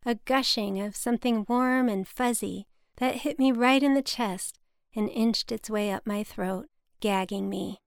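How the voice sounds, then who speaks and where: A woman narrates her own story in a smooth, measured reading voice. Her pitch sits a little high and her tone is clear. The recording is dry and close to the mic. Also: dry recording. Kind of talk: scripted personal narration.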